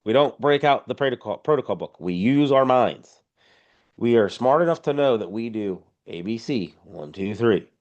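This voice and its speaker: A man's voice: mid-range voice, animated, moderate pace, a little mellow, dull audio. A man teaching an online EMS class in a blunt, informal and emphatic way, heard over a video call. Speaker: EMS instructor. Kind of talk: casual online class lecture.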